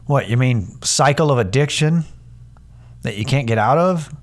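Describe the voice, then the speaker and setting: A man's voice: mid-range voice, animated, normal speed. A man hosting a podcast, ranting sarcastically in a casual, profane, rambling monologue full of restarts. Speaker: podcast host.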